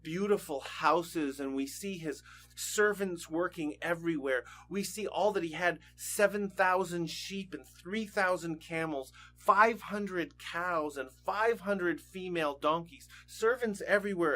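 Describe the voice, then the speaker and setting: A man's voice: sits high, fairly bright tone. A man teaching a Bible lesson, telling the story vividly, like scenes from a movie.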